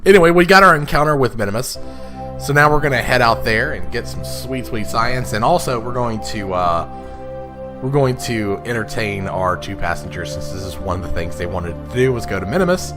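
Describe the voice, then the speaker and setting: A man with a raspy, stuffed-up voice, casually talking through his gameplay with lots of fillers and restarts. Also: mid-range voice, normal speed, over music. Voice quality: raspy, congested from blocked sinuses. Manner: rambling, many fillers and restarts. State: sniffly, stuffed up. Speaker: let's play gamer.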